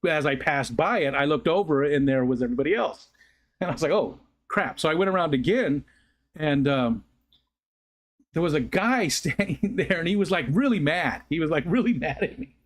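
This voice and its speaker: A man's voice: on the high side, expressive, normal speed. Rambling middle-aged man chatting on a livestream. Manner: rambling, self-correcting, laughs at own stories. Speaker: livestream host. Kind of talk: casual chat.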